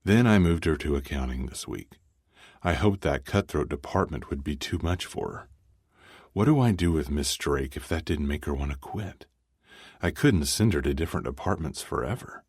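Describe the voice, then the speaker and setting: A man narrating a first-person romance audiobook in a measured, dry manner. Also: rumbling low, expressive, darkish tone, husky, dry recording.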